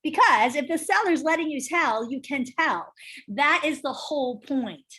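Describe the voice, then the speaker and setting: Brisk, emphatic female instructor, slightly high voice, chatty with her class. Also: lively intonation, sharp tone. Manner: brisk, emphatic, chatty, asks the group questions. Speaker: real estate instructor. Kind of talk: casual teaching talk to a class.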